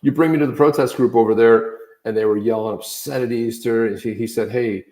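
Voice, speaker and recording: A man's voice: mid-range voice, fairly even intonation, fast talker, a little mellow. A man talking in a casual political chat on a podcast, rambling with many restarts and fillers. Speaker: podcast co-host. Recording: roomy echo.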